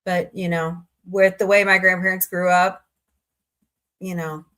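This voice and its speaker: A woman's voice: on the low side, little pitch movement, a little slow, fairly bright tone, clean tone. A middle-aged woman from Southwest Missouri hosting a casual livestream, chatting and rambling as she answers messages from viewers. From Southwest Missouri, USA. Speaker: livestream host.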